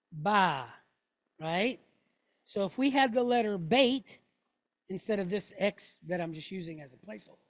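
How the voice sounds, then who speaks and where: Middle-aged woman as a patient classroom teacher, close dry sound, mid pitch, keeps checking the class understands. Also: no echo. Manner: patient, checks in with "okay?" after each point. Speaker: Hebrew teacher. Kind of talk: classroom lesson.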